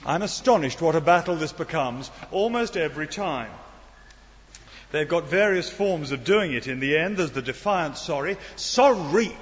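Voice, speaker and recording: A man's voice: on the high side, expressive, normal speed, breathy edge. A middle-aged man preaching a sermon in an earnest way, with wry asides and rhetorical questions. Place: church. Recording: dull sound in a long-reverb hall.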